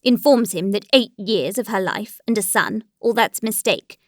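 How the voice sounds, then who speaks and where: A woman reading the part of a stiff, wounded aristocratic husband who speaks in measured, formal, bitter tones. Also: mid-range voice, no room sound, studio quality, lightly acted.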